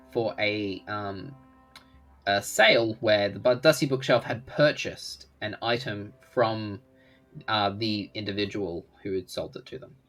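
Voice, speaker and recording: An Australian man narrating as game master in a relaxed way, with many ums and uhs. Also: on the low side.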